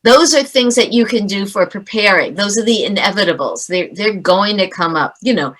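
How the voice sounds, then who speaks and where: A woman's voice: mid-range voice, moderate pace, a bit bright. A middle-aged woman, a parenting author interviewed as a guest, who gives advice through stories and acts out the lines she quotes.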